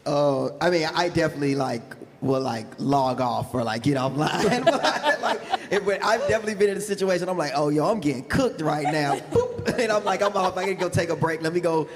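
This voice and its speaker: A male cosplayer on a live panel, chatty and quick, often laughing. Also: on the high side, expressive, a crowd in the background. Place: large event hall. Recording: hall reverb.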